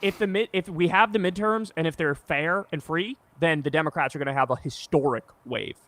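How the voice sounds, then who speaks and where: A man talking as a political commentator, emphatic and indignant, cursing now and then in an animated discussion. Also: a little high, brisk.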